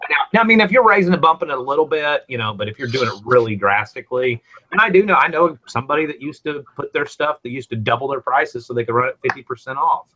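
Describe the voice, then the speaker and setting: A man with a Southern US accent hosts a casual chat, telling stories in a bright, forceful voice. He swings from loud bursts to quiet asides. His pitch sits in the middle for a man. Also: lively intonation, quick pace, few pauses, poor audio. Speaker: host.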